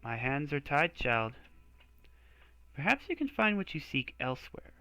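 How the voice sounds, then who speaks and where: A man putting on a pompous high priest. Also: big pitch swings, measured pace, pushed and bright, dry recording, full character voice. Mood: condescending. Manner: lofty, condescending. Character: pompous male high priest, haughty gatekeeper. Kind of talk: reading game dialogue aloud.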